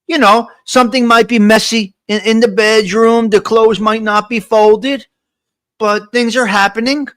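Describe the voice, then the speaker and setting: A man's voice: sits high, steady tone, measured pace, fairly bright tone, no room sound. A man hosting a live morning coffee chat, talking straight to his viewers in a motivational, repetitive way and reading out their comments. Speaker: livestream host.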